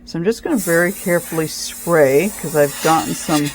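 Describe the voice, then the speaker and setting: Low-voiced woman chatting through a craft project. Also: moderate pace, slight background noise. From Canada. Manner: chatty, thinks aloud, restarts sentences, careful instructions. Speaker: craft channel host. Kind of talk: casual craft tutorial narration.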